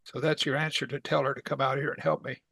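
A man's voice: mid-range voice, flat delivery, fast, vocal fry, pushed and bright, husky, no room sound. A man teaching a weekly Bible study in a conversational way, asking his class rhetorical questions.

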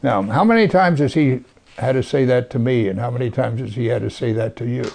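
An older man preaching in earnest, reading scripture and pressing his points home to the congregation. His voice is gravelly, sits at an ordinary pitch, and sometimes falls to a hush. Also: a little fast, a little hiss or hum. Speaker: pastor. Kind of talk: sermon.

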